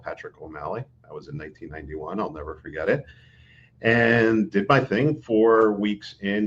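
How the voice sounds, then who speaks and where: A man's voice: low voice, a little hiss or hum. A middle-aged man, a guest on a podcast, telling career stories in casual talk and acting out quoted dialogue, with frequent fillers. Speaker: interview guest, executive recruiter. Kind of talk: casual storytelling in a podcast interview. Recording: dull, lo-fi audio.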